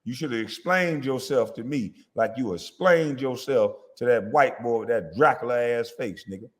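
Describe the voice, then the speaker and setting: A man's voice: mid-range voice, normal speed, long reverb tail. A man, a former basketball player, delivering a heated, profane, confrontational rant at a critic. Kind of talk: angry rant.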